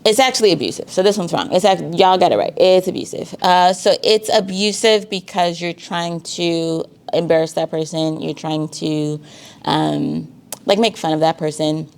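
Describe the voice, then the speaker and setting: A woman talks casually as a counselor. Her voice sits low with a gravelly fry, and her chatty, easygoing delivery is full of likes and y'alls. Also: normal speed, a little mellow. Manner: conversational, uses y'all and filler likes. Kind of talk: casual talk on teen dating safety.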